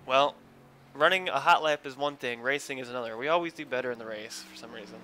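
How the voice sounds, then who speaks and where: A man's voice: mid-range voice, fast, pushed and bright, a little hiss or hum. A man commentating his own online racing game live, chatting with viewers while he drives. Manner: upbeat, talks to chat while driving.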